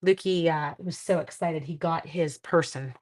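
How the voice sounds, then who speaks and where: A woman's voice: deep voice, moderate pace. Middle-aged woman, craft-class host, chatty and rambling, talks while working. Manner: chatty, rambling, digresses into family stories; talks to viewers while working with her hands. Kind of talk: live-streamed card-making demonstration.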